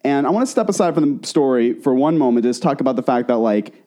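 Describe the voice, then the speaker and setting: Animated, laughing male podcast co-host. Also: medium pitch, fast talker. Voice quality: animated storyteller, laughs often. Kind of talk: gossipy comedic podcast chat.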